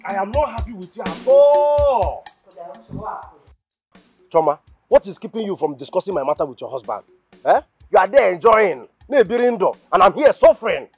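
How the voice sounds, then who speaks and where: A man's voice: high-pitched, normal speed, husky, no echo, soft background music, heavily acted. An actor with a Nigerian accent playing an impatient young man desperate to travel abroad, pleading and stammering. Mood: complaining. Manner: excitable, pleading, stammering repetitions. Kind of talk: film drama acting.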